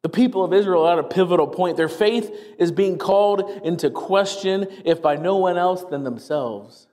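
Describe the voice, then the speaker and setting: High-voiced energetic pastor preaching. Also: male voice, big-room sound. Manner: energetic, fast and excited, with wry asides. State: getting out of breath. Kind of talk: sermon.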